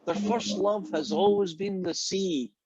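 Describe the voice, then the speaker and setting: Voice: mid-range voice, measured pace, background noise. A teacher in an online class, chatty and encouraging, telling jokes to the students. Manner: chatty, encouraging, laughs easily.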